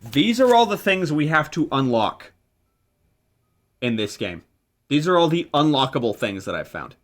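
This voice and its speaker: A man's voice: fairly high pitch, big pitch swings, moderate pace. A man in his twenties chatting casually while streaming a game, rambling and swearing offhandedly. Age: 20s. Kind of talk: casual live-stream gaming chat.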